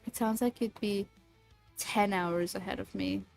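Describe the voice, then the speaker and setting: Woman streamer, playful and teasing, mid-pitched voice with faint music underneath. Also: a little slow, gravelly. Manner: playful, teasing, lots of laughs. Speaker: livestreamer chatting with viewers. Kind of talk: casual livestream chat.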